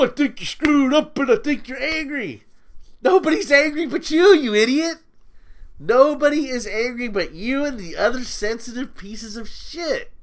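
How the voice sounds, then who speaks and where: Man, high voice, ranting commentary video, profane, sneering, mocking. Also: fairly bright tone. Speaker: YouTube commentator.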